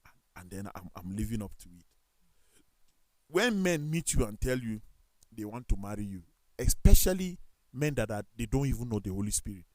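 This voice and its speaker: Animated Nigerian man telling stories. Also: on the low side, normal speed, no echo. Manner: animated storytelling with quoted dialogue and self-corrections. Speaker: talk show panelist. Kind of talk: casual studio discussion.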